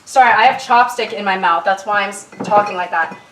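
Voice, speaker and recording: A woman's voice: mid-range voice, fairly quick, fairly bright tone. Young woman vlogging while she cooks, rambly and self-deprecating, mic's far off in a roomy kitchen. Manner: chatty, self-mocking, rambling with many fillers. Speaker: YouTuber. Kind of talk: casual cooking vlog chat. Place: home kitchen. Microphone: camera tilted down on the counter. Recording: roomy kitchen sound from a distant camera mic.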